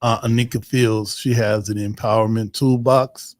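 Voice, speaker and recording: A man's voice: lowish voice, fairly even intonation, moderate pace, darkish tone, no room sound. Dry-voiced joking man hosting a livestream. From Ohio. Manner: loose and joking, many fillers and restarts. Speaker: host of a community livestream. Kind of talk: casual livestream chat, reading viewer comments.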